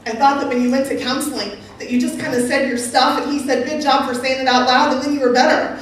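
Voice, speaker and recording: High-voiced woman in an echoing hall. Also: fairly even intonation, a little hiss or hum. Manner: earnest, halting, heartfelt storytelling. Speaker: speaker sharing a personal testimony. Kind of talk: emotional personal testimony. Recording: very echoey, voice from far off.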